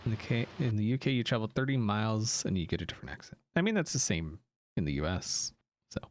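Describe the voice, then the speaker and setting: Lively, low-voiced American streamer. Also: male voice, fast talker. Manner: rambling, self-correcting, chatting with viewers. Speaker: gaming streamer. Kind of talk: casual live-stream chat.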